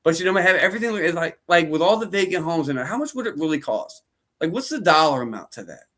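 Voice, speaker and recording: Fast-talking guy rambling on a podcast, kinda high voice, lots of likes and you knows. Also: very animated, fairly bright tone. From New Jersey. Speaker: podcast co-host. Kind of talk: casual chat.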